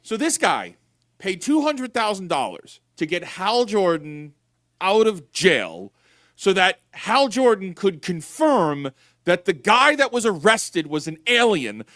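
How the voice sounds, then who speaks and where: A man's voice: high-pitched, sing-song, slow pace, a bit bright, no echo, clean studio sound. A man co-hosting a podcast, retelling scenes with sarcastic, exasperated commentary in casual chat. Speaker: podcast co-host.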